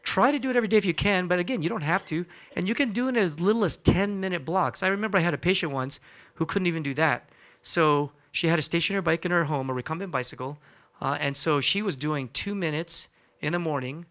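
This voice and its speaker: Chatty doctor lecturing a live audience. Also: male voice, fairly high pitch, fast talker, a bit bright. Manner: conversational, quizzes the audience, acts out patient chats. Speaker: physician presenting a wellness seminar. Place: church hall.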